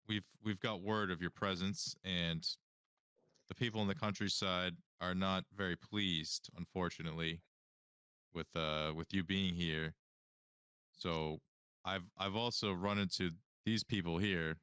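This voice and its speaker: A male player speaks in character in a halting way, stumbling and restarting often. His voice is very deep yet bright and smooth, recorded dry. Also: no room sound. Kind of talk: role-playing a character at a tabletop game.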